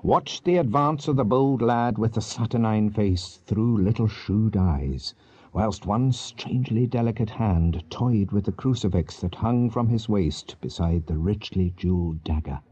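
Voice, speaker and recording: Guy reading an audiobook, low mellow voice, lively delivery, muffled sound. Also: unhurried, breathy edge. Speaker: audiobook narrator. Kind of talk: scripted narration.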